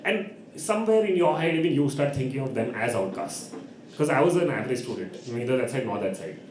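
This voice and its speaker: A man telling an animated story at an open mic, acting out voices and laughing often. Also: medium pitch, brisk, reverberant, a little hiss or hum. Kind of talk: storytelling on stage. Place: live open mic venue.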